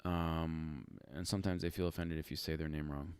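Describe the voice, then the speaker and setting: A man hosting a casual livestream Q&A for rideshare drivers, animated and talking in fits and restarts. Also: very deep voice, normal speed, clear, resonant tone, no echo, studio quality. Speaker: rideshare channel host answering live chat.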